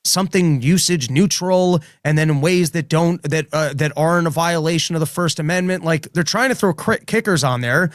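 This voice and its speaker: Co-host, man, slightly high voice, measured reasoning, dry mic. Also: no echo. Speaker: podcast co-host, comedian. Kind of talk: casual political commentary.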